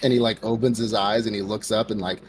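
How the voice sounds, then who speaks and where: A man with a fairly low voice co-hosts a casual podcast, retelling an anime episode in a loose, rambling way. He slips into quick voices for the characters and fills his talk with "like". A faint hiss sits under the recording. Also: fairly even intonation. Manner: rambling storyteller, acts out characters' lines, lots of "like". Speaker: podcast co-host. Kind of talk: casual anime recap chat.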